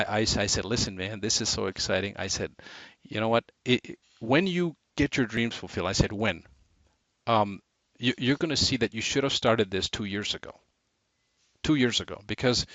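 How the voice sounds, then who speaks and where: A man giving a motivational sales training talk, animated, shifting his inflection and speed for emphasis. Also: fairly low pitch, no echo. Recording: dull lo-fi dry recording.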